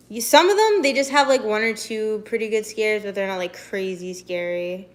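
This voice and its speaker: A woman's voice: mid-range voice, moderate pace, few pauses. A young woman streamer in casual live-stream chat, bubbly and rambling, with lots of "like". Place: home, walks to the kitchen.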